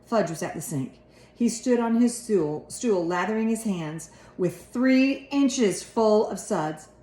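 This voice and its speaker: A woman reads a children's storybook aloud with expressive narration, her voice in a middle range. The recording has an echoey room around it. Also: mid-range voice, takes it slowly.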